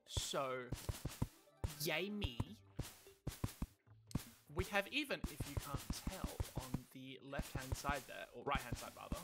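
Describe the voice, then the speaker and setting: A let's play host chatting casually and self-mockingly over gameplay, excitable and laughing often. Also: medium pitch.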